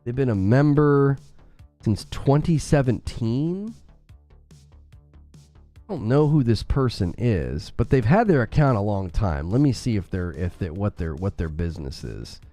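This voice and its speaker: A man's voice: lowish voice, lively intonation, measured pace, dark tone, soft background music. A man hosting a casual live game stream, bantering playfully and teasing his chat from a room at home. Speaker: gaming streamer.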